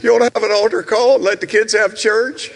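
A man in his sixties with a Southern US accent, preaching a sermon as pastor with shouted, rhythmic repetitions and asides to the congregation. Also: high-pitched, fairly even intonation, a little fast, vocal fry, big-room sound. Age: 60s. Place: church sanctuary.

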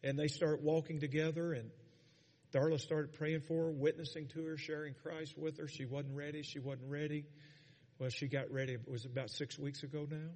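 Male preacher in a church, high voice, gets fired up and shouty, long echo. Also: level tone, moderate pace. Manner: rising to fervent shouting, calls for congregation responses. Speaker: pastor. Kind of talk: sermon. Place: church sanctuary. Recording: long church hall reverb.

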